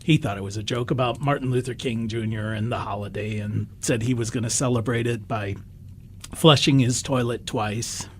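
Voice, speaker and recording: A man's voice: medium pitch, steady tone, moderate pace, husky. An American man co-hosting a podcast, talking casually and telling stories with frequent restarts. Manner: chatty storyteller with many restarts. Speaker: podcast co-host. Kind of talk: casual discussion.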